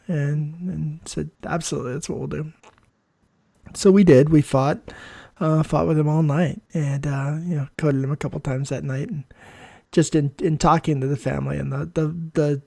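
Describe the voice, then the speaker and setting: A man hosting a podcast interview, a nurse telling work stories in a lively way and acting out what people said. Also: fairly high pitch, normal speed, creaky, no echo, clean studio sound. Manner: animated storyteller, quotes people in dialogue. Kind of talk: conversational interview storytelling.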